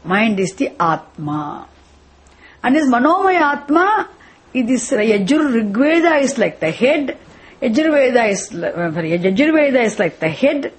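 Breathy woman teaching a scripture class. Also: fairly high pitch. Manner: repetitive, questioning, restarts phrases. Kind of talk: classroom lecture.

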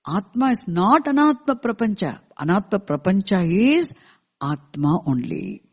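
Husky, unhurried scripture teacher. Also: mid-range voice, big pitch swings. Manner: measured, repeats key terms, poses questions to the class; chants verses slowly in between. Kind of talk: scripture lecture.

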